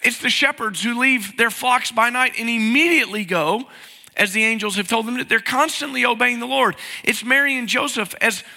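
A man's voice: extremely high pitch, normal speed, gravelly, pushed and bright. A man preaching a conversational sermon, asking the congregation questions and acting out inner voices. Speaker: pastor. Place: church sanctuary. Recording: long hall reverb.

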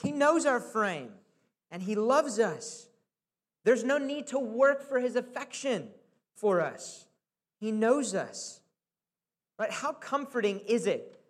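A male preacher giving a conversational, earnest sermon, often checking in with the listeners. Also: high-pitched.

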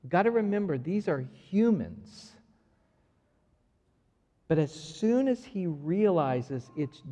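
Slow-paced preacher in a reverberant hall. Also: male voice, a little high. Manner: animated, acts out the dialogue of the passage. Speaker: pastor. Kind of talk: sermon.

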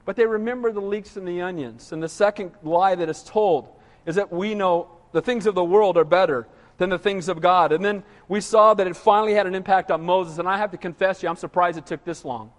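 A pastor with a notably high voice delivers a sermon in a chatty, joking way, firing rhetorical questions at his congregation. His voice rings out with a long reverb, as though in a large church sanctuary. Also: fairly quick. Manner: conversational preaching with rhetorical questions and humor.

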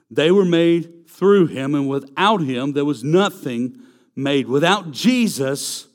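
A man's voice: on the high side, lively intonation, takes it slowly. A man preaching a sermon, emphatic and repeating key phrases for stress. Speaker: pastor.

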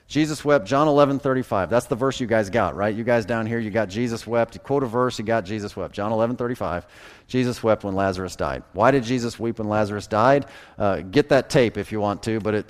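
A pastor preaching a sermon, building to emphatic, forceful peaks as he explains scripture. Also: medium pitch.

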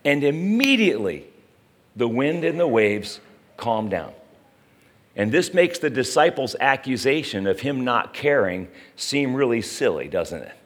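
Man, middle-aged, pastor, conversational sermon, rhetorical questions, animated pitch. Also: a little slow.

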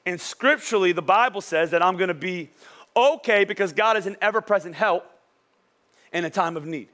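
A male pastor with a high-set voice delivers a sermon like a chat. He jokes with the congregation and keeps tossing in "right?" to check they are following. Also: a little fast, a bit bright. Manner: conversational and joking, keeps asking "right?".

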